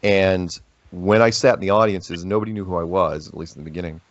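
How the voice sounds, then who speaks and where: Low voiced guy rambling thru stories in an interview, dry muffled sound. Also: brisk, a little hiss or hum. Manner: rambling, animated storytelling with restarts. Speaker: interview guest. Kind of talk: casual interview talk. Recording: dull lo-fi dry audio.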